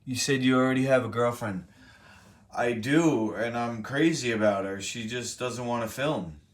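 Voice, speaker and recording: A young streamer hosts a live stream, telling his chat a rambling, profane story and correcting himself as he goes. His voice is medium-pitched at a normal speed, and the sound is roomy from a distant mic.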